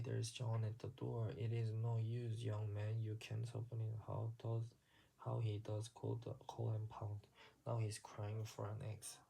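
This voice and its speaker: A man reading a literary story aloud, haltingly, with frequent slips and restarts. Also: on the low side, creaky, mellow, slightly rough, poor audio. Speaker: reader.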